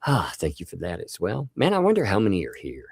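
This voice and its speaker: A man's voice: sits low, huge pitch swings, quick pace, vocal fry, slightly rough, dry recording, studio quality. A man hosting a livestream, chatting casually, thanking viewers and laughing often. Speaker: livestream host.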